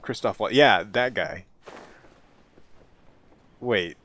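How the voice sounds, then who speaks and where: A man's voice: on the low side, very slow, fairly bright tone, slight background noise. An American man streaming late at night, chatting casually with viewers, rambling, laughing often and poking fun at himself while sounding tired. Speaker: live streamer.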